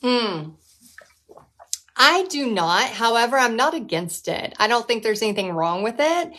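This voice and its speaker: A woman's voice: animated, unhurried, fairly bright tone. A woman, hosting a live painting class from her home art studio in a chatty, upbeat way. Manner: chatty, upbeat, talks to her dog in a high baby voice. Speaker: painting instructor and host. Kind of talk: casual live-stream teaching.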